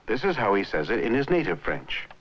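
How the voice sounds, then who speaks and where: Brief: male narrator, low, animated delivery, muffled old film sound. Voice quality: clear, measured explaining. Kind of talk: scripted educational narration.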